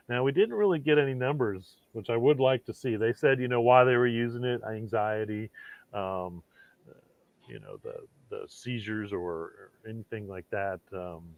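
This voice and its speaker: A man hosting a casual talk show, rambling along with lots of fillers and restarts. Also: lowish voice. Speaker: host of a hemp talk show. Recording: tinny phone-like dry sound.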